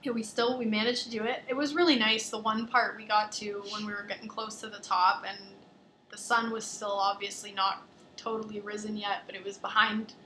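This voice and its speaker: A young adult woman hosting a podcast, telling a travel story in lively, casual chat full of fillers. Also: medium pitch, a little fast, a little hiss or hum. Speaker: podcast host.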